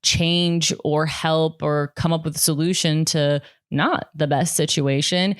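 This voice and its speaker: Young woman vlogger, low smooth voice, dry close sound, candid and profane. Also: steady tone, a little slow, no echo. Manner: frank and profane, heavy use of "like". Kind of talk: candid personal monologue.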